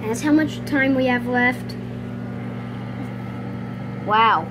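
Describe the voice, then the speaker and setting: A woman's voice: fairly high pitch, very slow, background noise. A young woman making a casual home vlog, breaking into exasperated outbursts of disbelief. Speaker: vlogger.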